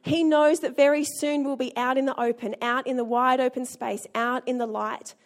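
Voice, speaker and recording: A woman's voice: sits high, fairly even intonation, normal speed. A woman, preaching a sermon as a pastor in an earnest, storytelling way.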